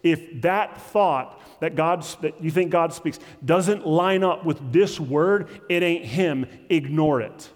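A pastor, a man, preaches in an easy, conversational way and slips into quoted voices to make his points. His voice sits somewhat high for a man. The sound rings with the long reverb of a large hall. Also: takes it slowly, hardly any pauses. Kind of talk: sermon.

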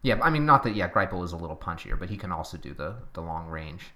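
Bright-voiced man chatting casually. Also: low voice, big pitch swings. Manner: halting, many restarts, laughs often. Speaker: podcast co-host. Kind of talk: casual cycling podcast chat.

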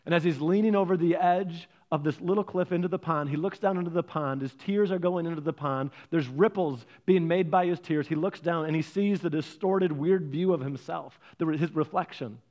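Man, pastor, sermon, high voice, playful storytelling. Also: brisk, few pauses. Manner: lively storytelling, playful asides to the congregation.

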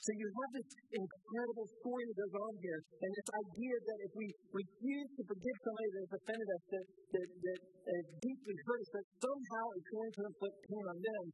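A man's voice: high voice, a little fast, few pauses, a little mellow, husky, dry recording, faint music behind, low-quality recording. A man preaching a sermon as a pastor, speaking earnestly and often repeating words as he restarts phrases.

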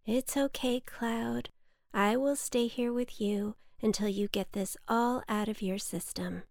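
A woman's voice: fairly even intonation, a little slow, gravelly, dry recording, clean studio sound. A woman voicing a kind, polite little boy in a children's storybook, earnest and eager. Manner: earnest and eager, raised bright pitch.

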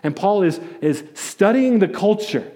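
Guy pastor giving a sermon, kinda high voice, stumbles and repeats words, chatty storytelling. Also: expressive, a little slow, warm tone. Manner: conversational preaching with frequent stammered restarts; storytelling, acting out voices in quotes.

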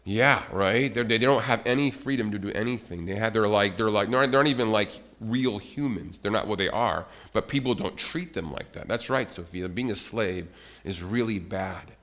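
A man with a lowish voice speaks at a moderate pace while leading a children's church service. He animates a Bible story, questioning the children and addressing them by name.

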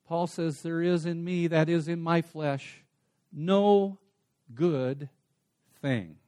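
A man preaching a sermon, dropping to soft asides and then rising to emphatic, stretched-out words. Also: a little high. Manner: swings between soft asides and emphatic raised passages; slows down to stress single words. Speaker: pastor.

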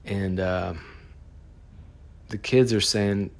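A man earnestly telling a personal story in a casual, halting way, restarting often. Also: deep voice, fairly even intonation, gravelly.

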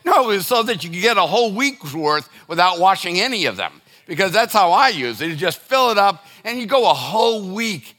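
A man's voice: sits high, very animated, a little fast, hardly any pauses, pushed and bright. A middle-aged man preaching a sermon to his congregation in a loose, conversational way, with frequent restarts and direct asides. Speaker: pastor.

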